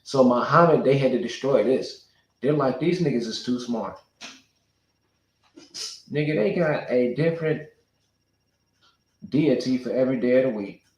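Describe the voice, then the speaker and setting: A man holds forth on his own channel in a rambling, speculative way, thinking aloud and often restarting mid-sentence. His voice sits at an ordinary middle pitch, and the room around him rings with a noticeable echo. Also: moderate pace, long pauses. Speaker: YouTuber. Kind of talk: rambling monologue.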